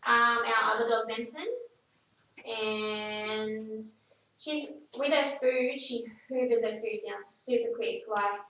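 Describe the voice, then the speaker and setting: A woman's voice: a little high, steady tone, slow, pushed and bright. A woman with an Australian accent, a dog owner answering questions casually and a bit hesitantly. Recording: very echoey, from a distance, faint noise.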